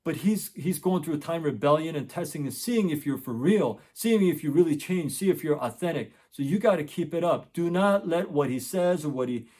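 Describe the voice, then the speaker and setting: Middle-aged man, tutor telling a story, earnest, repeats himself for emphasis, somewhat high-pitched. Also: lively intonation, fairly quick, few pauses, a little mellow. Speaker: tutor and education channel host. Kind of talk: casual storytelling monologue.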